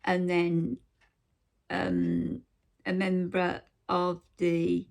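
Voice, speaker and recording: Slow, gravelly woman vlogger. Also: fairly low pitch, big pitch swings, darkish tone. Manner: aggrieved retelling, acting out others' lines, frequent hesitations. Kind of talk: personal storytelling to camera.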